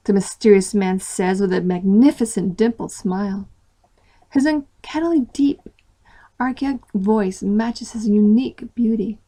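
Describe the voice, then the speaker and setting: A woman's voice: medium pitch, unhurried. Woman reading a story aloud. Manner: expressive first-person narration.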